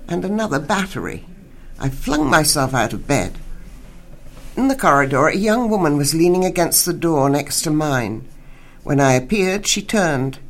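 A Canadian woman writer with an extremely low-pitched voice is a guest in an interview. She speaks in a measured way while reading her own short story aloud.

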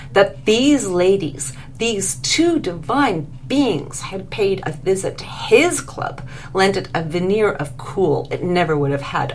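A woman narrating a story aloud, expressive and animated, putting on voices for the characters. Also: deep voice, slight background noise.

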